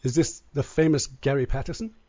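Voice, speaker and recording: A man's voice: medium pitch, brisk, no echo. A man hosting a radio show, chatting and joking with callers in an easygoing way. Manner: joking, relaxed banter. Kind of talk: casual radio chat. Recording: dull lo-fi radio audio.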